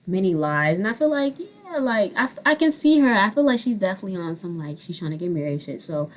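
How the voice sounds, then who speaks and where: A woman in her twenties giving blunt, profane commentary on a reality dating show, jumping between loud outbursts and quiet asides. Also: medium pitch, quick pace. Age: 20s. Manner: blunt, profane and animated, swinging loud and soft. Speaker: vlogger. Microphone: own handheld mic.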